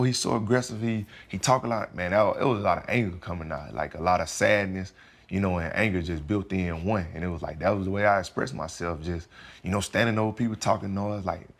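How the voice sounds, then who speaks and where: Young guy, lowish voice, chill and open, lots of "you know", talking football on a podcast. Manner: relaxed, candid, drawling slang with frequent "you know". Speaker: football player guest. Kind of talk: casual interview talk.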